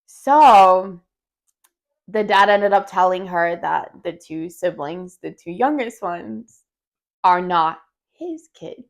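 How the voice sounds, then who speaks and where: A woman's voice: on the low side, lively intonation, slow pace, vocal fry. A woman co-hosting a podcast, telling a story in casual chat, blunt and profane, and laughing often. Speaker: podcast co-host.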